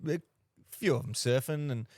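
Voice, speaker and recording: A man's voice: medium pitch, moderate pace, a little mellow, no echo, studio quality. A man with an Australian accent, a podcast co-host telling a story in a rambling, slangy way. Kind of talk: casual chat.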